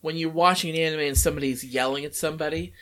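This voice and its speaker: A man co-hosting a podcast in casual chat, jokey and quick to laugh. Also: a little high, fairly even intonation, fairly bright tone. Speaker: podcast co-host.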